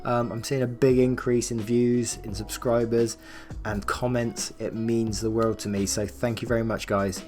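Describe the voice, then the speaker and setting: A man's voice: medium pitch, flat delivery, normal speed, a little mellow, soft background music. A man narrating an online story expressively, with chatty asides to his viewers. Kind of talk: online story reading and casual commentary.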